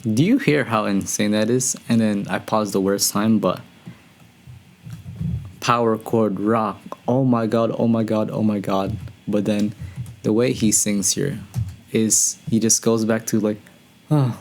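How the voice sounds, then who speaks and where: Male reaction host with a lowish, gravelly voice, excitable and slangy, talking straight to viewers. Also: a little slow, faint music behind. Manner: breaks into excited high exclamations. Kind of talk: casual reaction commentary.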